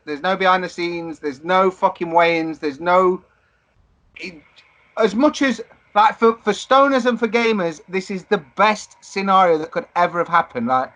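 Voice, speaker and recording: A man's voice: high-pitched, a bit bright. A man with young children, co-hosting a podcast in casual, swearing banter. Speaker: podcast co-host. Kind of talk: casual chat.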